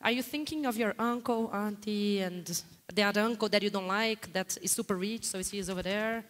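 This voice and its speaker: A woman from Brazil with a Brazilian Portuguese accent, giving a lively guest lecture in a hall and putting frequent questions to the audience. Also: mid-range voice, fairly quick. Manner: animated, questions the audience often.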